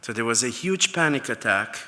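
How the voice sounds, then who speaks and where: A man's voice: medium pitch, animated, moderate pace, sharp tone, slight background noise. A man from Israel, telling anecdotes with fillers and restarts in an acceptance speech at an awards dinner. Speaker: award recipient. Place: large banquet hall. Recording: reverberant hall with PA.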